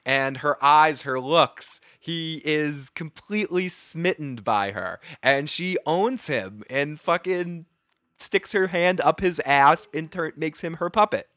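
A man's voice: fairly high pitch, slow pace, bright, forceful tone, no room sound, clean studio sound. A young man from Boston with a Boston accent, hosting a casual live recap chat, rambling and swearing freely with frequent laughs. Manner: profane, rambling, laughs often. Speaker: livestream show host.

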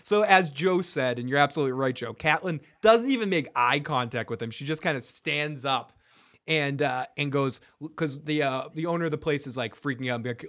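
A man co-hosting a casual recap podcast, animated, acting out quoted lines and laughing often. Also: fairly high pitch, a little fast. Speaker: podcast co-host.

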